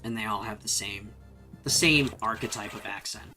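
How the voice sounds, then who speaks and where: Low-ish voiced guy rambling thru a game stream, game music going behind him. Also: moderate pace, sharp tone. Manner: chatty, rambling, swears when surprised. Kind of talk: casual gameplay commentary.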